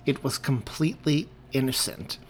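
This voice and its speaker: A man's voice: mid-range voice, normal speed, slight background noise, natural voice. A man voicing a firm but flustered young man in an audiobook reading.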